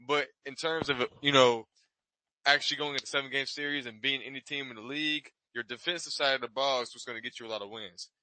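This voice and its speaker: A man's voice: mid-range voice, fairly even intonation, pushed and bright, no echo, rough recording. A man on a podcast arguing sports in a casual debate, often stumbling and restarting his words. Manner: rapid, stumbling restarts when pressed. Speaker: podcast host.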